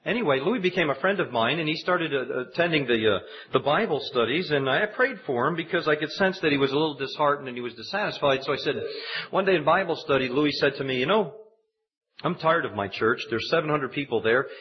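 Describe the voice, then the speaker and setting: A man preaching a sermon, telling a personal story and building to high, emphatic exhortation. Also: expressive, quick pace. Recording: dull lo-fi recording.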